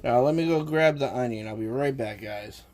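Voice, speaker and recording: A man's voice: mid-range voice, moderate pace, background noise. A man with a Boston accent casually chatting on a cooking livestream while he works the dough. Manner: rambling, chatty, talking while working. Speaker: livestream host.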